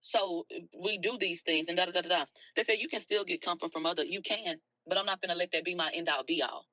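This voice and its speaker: A woman hosting a livestream, talking bluntly and with a lot of profanity, soft and tearful at times and then loud again. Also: lowish voice, quick pace, no echo, rough recording. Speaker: livestream host. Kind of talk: emotional early-morning livestream rant.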